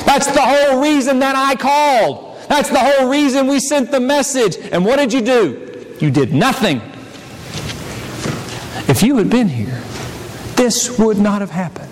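A man preaching a sermon, his delivery impassioned, swinging between loud pleas and hushed, quiet passages. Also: very high-pitched, animated, measured pace, in a large hall, poor audio. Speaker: pastor.

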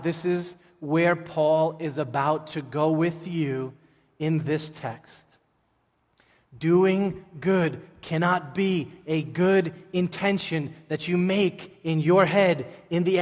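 Emphatic male pastor preaching in a reverberant hall. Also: a little high. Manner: emphatic, repeating phrases for stress. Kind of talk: sermon.

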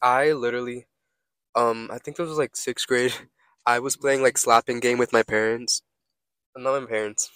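A man's voice: medium pitch, steady tone, moderate pace, fairly bright tone, clean tone, no room sound. A young man co-hosting a casual podcast, rambling through stories and swearing freely. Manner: rambling storyteller, swears a lot. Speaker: podcast co-host. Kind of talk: casual chat.

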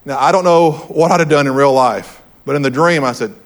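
A man's voice: mid-range voice, a little fast. A man preaching to a room, telling a personal story in an earnest, storytelling way and repeating his key phrases. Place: church hall with audience.

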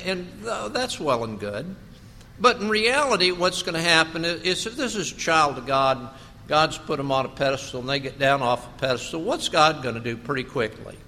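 Slow, bright-voiced preaching man. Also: a little high, long reverb tail. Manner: slow, emphatic preaching with rhetorical questions. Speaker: pastor. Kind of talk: sermon.

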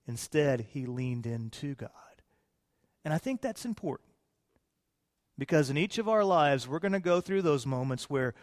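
A man preaching a sermon, retelling scripture with lively, playful asides to his congregation. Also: on the high side, normal speed, long pauses, in a large hall. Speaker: pastor.

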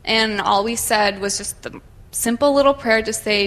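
A woman's voice: on the high side, moderate pace, a bit bright. A woman nervously sharing a personal testimony in church, hesitant and full of fillers, with a shaky voice. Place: church sanctuary.

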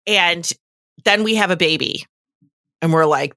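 A woman's voice: fairly low pitch, unhurried, pushed and bright, no echo, clean studio sound. A woman co-hosting a podcast, talking casually and bluntly, with the odd swear word. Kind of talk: casual conversation.

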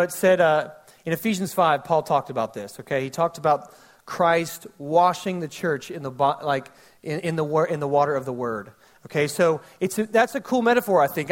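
A man in his thirties, a pastor preaching a sermon in a conversational, animated way with quick asides. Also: high-pitched.

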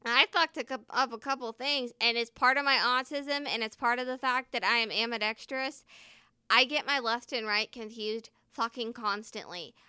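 A woman's voice: fairly high pitch, normal speed, bright, forceful tone, clear, resonant tone, no room sound, studio quality. A woman who works as a first responder, telling a rambling, candid story and swearing freely. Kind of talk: casual storytelling vlog.

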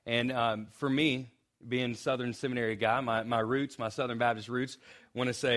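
A young male pastor preaching in a loose, conversational way, often restarting phrases. He slips in joking asides and keeps his voice at an ordinary middle pitch. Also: steady tone, moderate pace, a bit bright. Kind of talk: sermon.

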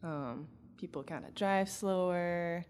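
A woman's voice: fairly low pitch, takes it slowly, a little mellow, clear, resonant tone. A young woman from Antwerp with a Flemish accent, chatting casually as a guest and laughing often as she explains. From Belgium (Antwerp). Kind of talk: casual chat.

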